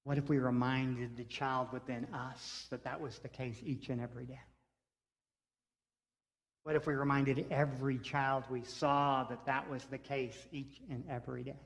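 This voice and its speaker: A man's voice: medium pitch, flat delivery, normal speed. A man preaching a sermon as pastor, earnest, with rhythmic repeated lines. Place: church sanctuary. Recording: reverberant church sanctuary.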